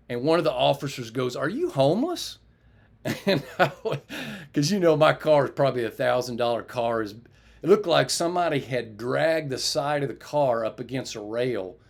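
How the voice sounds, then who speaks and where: Man telling an animated personal testimony. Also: gravelly. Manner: animated retelling, raises his voice for others and drops low and quiet for prayer.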